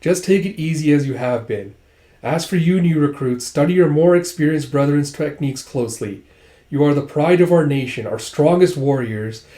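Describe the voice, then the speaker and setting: A man voices an easygoing young king from a manga, read plainly. The voice is mellow and dark. The room around it rings. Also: on the high side, moderate pace, lightly acted. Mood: reassuring. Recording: echoey room.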